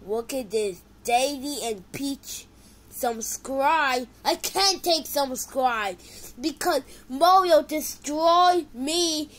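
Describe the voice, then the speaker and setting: A woman giving casual reaction commentary to videos, excitable and exclaiming, swinging from loud outbursts to low mumbling. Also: extremely slow, rough recording.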